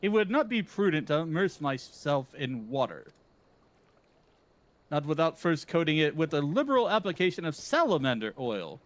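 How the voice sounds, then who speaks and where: A man voicing a pompous, theatrical gentleman inspector in a game, with grandiose, flowery delivery. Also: on the high side, sing-song, normal speed, voice pushed up.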